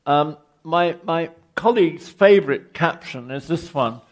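A man's voice: on the high side, expressive, unhurried. An older English man giving an anecdotal architecture lecture, wry and rambling, often restarting his phrases. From England.

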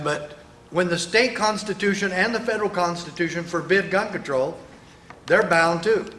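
A man's voice: a little high, sharp tone, distant mic, a little hiss or hum. Fiery man giving a speech in an echoey hall. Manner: emphatic, fiery, rhetorical. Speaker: speaker at a sheriffs' event. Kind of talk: political speech. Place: event hall with audience. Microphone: microphone, sometimes stepping away.

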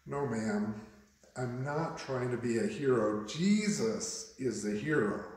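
A male pastor preaching a first-person dramatic monologue sermon, telling the story in character with an expressive, unhurried manner. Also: fairly high pitch. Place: church sanctuary. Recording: very echoey church hall, faint hiss.

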